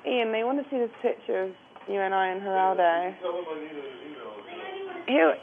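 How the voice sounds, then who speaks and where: English woman caller, teasing and breezy, a gravelly edge to her voice. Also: mid-range voice, moderate pace, narrow, tinny audio, a little hiss or hum. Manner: breezy, teasing, calls people sweetheart. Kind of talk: flirty on-air phone banter.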